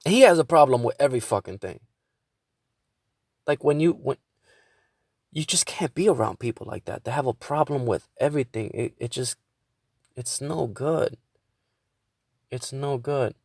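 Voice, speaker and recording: A man's voice: mid-range voice, animated, moderate pace, creaky, long pauses, darkish tone, no echo, studio quality. A man hosting his own podcast, venting in a casual monologue with a lot of swearing and stumbling restarts. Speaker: podcast host.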